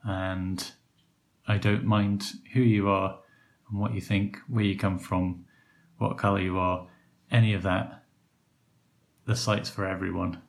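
A man with a low, gravelly voice hosts a podcast. He chats in a relaxed, rambling way and fills pauses with ums. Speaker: podcast host. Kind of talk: casual podcast chat.

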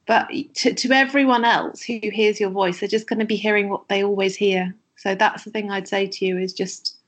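A woman with a posh English accent talks as a podcast co-host. She is reassuring and gently self-mocking. Her voice is mid-pitched and everyday. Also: steady tone, moderate pace. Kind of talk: casual chat.

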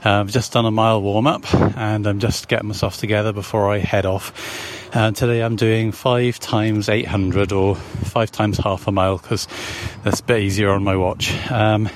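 A man's voice: lowish voice, little pitch movement, normal speed, hardly any pauses, a little hiss or hum. A man recording a running log outdoors on his phone, upbeat and talking through his pace numbers. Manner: upbeat, number-focused commentary. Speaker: runner recording a training log. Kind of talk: self-recorded vlog. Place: outdoors on a run.

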